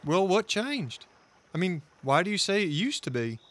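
A woman voicing a friendly, low-voiced critter. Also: sing-song, normal speed. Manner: friendly and encouraging.

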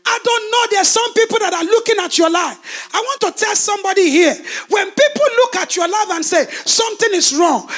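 A man preaching a fiery sermon, shouting in a sing-song preaching cadence. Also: very high voice, lively intonation, brisk, faint music behind.

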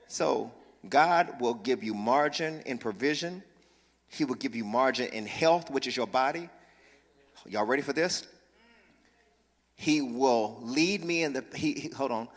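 A man's voice: fairly high pitch, lively intonation, moderate pace, pushed and bright. A man, a pastor, preaching a sermon in church with humor and calls for the congregation to respond. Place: church sanctuary. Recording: reverberant church hall.

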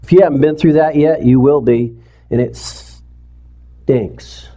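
A man's voice: mid-range voice, slow pace, dark tone. A man preaching in a church, talking conversationally to the congregation and rising to impassioned pleading. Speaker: pastor. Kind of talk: sermon. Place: church sanctuary, streamed service.

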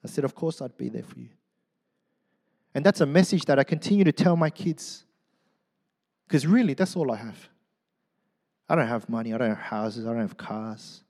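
A middle-aged man preaching a sermon in church, animated and joking, swinging from loud to hushed. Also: medium pitch, moderate pace, long pauses, in a large hall. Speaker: pastor.

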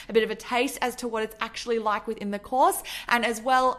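A young adult woman from Australia with an Australian accent, hosting her podcast in a bubbly, effusive monologue full of excitement. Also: fairly high pitch. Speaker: podcast host. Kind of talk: enthusiastic solo podcast monologue.

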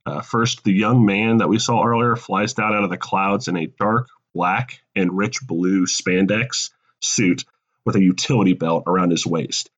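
A low-voiced man talks through a pitch for a cartoon sequel, scene by scene, in an easy, joking way. The recording is a bit dull and lo-fi, like a home podcast mic. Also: a little slow, a bit bright. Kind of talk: casual comedic storytelling.

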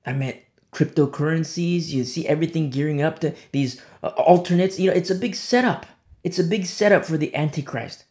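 Man preaching with emphatic sermon swings. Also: a little fast. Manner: emphatic, swinging from low hushed lines to sharp high exclamations. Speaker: pastor.

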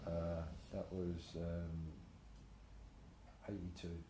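An older man with a deep voice and drawn-out words tells anecdotes in a casual interview, set in a room of his tattoo shop. The tattoo artist swears freely and acts out what people said in animated stories. The room is roomy and echoey, with a noisy background.

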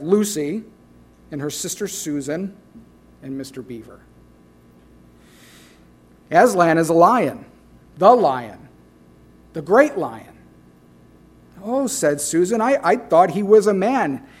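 A man preaches a sermon in a high voice. He swings between loud, emphatic declarations and hushed, quiet asides. His pitch stays up for a man, and he leans hard on key phrases. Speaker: pastor.

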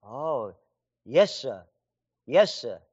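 A man's voice: medium pitch, very animated, drawn-out words, darkish tone, husky, voice pushed down, exaggerated voice. A man putting on the voice of a meek, cowed worker who grovels and answers timidly. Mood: groveling. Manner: timid, submissive, mumbling. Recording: dull lo-fi sound.

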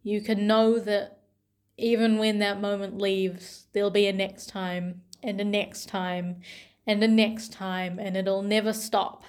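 A young woman speaks slowly and tenderly, taking her time, with a voice of ordinary middle pitch. She sounds gentle and heartfelt, pausing often and letting small laughs slip in. Her delivery is intimate and personal. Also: little pitch movement. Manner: slow, gentle and tender, with soft laughs and pauses. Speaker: vlogger.

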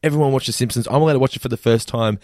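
A man, co-hosting a podcast in casual chat, animated and quick. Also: mid-range voice, no room sound, studio quality. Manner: animated, quick, does quick quotes in character voices. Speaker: podcast co-host.

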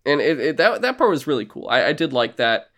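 A man co-hosting a casual podcast, recapping a video game and acting out character lines in quick put-on voices. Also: mid-range voice, big pitch swings, a bit bright. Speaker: podcast co-host. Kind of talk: casual chat.

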